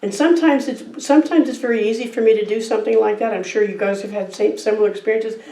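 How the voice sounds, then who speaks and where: Speaking quickly in a slightly high, mellow voice, a middle-aged guest preacher recounts a story from her own life during a sermon, keeping things casual and conversational. The roomy sound comes from a distant microphone in the church sanctuary.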